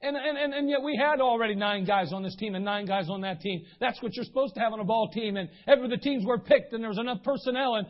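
A man's voice: high-pitched, animated, fast talker, hardly any pauses, highs cut off. A man preaching a sermon as pastor, telling stories in a folksy way and acting out the voices of people he quotes. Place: church sanctuary.

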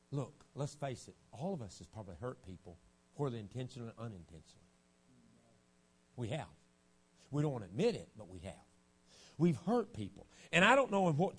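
Preacher swinging from hushed to loud. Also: male voice, fairly high pitch, breathy edge. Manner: storytelling, swings from hushed to shouting. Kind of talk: revival sermon. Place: church sanctuary.

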